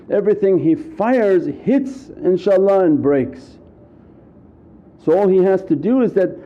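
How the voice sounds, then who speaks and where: A man delivers an earnest Sufi sermon, repeating his points and now and then acting out fearful inner voices. His voice sits a little high for a man. The recording sounds dull and lo-fi. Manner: earnest, repetitive, acts out anxious inner voices. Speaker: Sufi preacher. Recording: muffled lo-fi recording.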